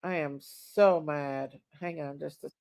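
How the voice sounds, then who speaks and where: A woman's voice: low voice, fairly even intonation, takes it slowly, vocal fry, a little mellow, no room sound. A woman hosting a casual true crime livestream, apologetic and flustered as she talks to her viewers.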